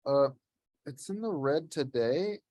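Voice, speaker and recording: A man's voice: on the high side, lively intonation, slow pace, dark tone, no room sound. A man hosting a live trading session on a voice call, talking in a blunt, profane, laid-back coaching way. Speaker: host streaming live trades. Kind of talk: casual chat on a voice call.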